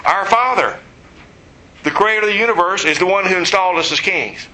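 Bright-voiced preacher teaching a sermon. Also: male voice, high-pitched, a little fast, rough recording. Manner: conversational, explanatory, joking asides.

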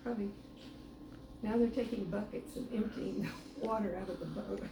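A woman's voice: mid-range voice, normal speed, warm tone. A woman in a Bible study group, making thoughtful remarks in casual discussion. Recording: distant voice, echoey room, noise.

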